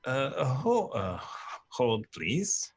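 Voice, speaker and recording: A man as dungeon master, running a tabletop game and pausing with fillers as he improvises rulings. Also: medium pitch, sing-song, slightly rough, highs cut off. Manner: hesitant, lots of fillers while improvising.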